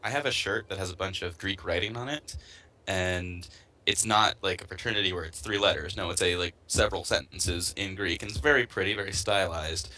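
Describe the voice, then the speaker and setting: A man's voice: deep voice, fairly quick, sharp tone. A man co-casting an online tournament with a dry, wry, composed delivery. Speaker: tournament co-caster. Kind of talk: casual esports casting.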